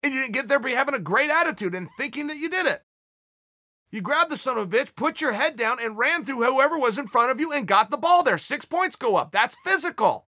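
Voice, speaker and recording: Blunt male motivational speaker, high and bright, very lively delivery. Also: fairly quick, no room sound, studio quality. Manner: blunt, emphatic, swears for emphasis. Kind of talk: motivational speech.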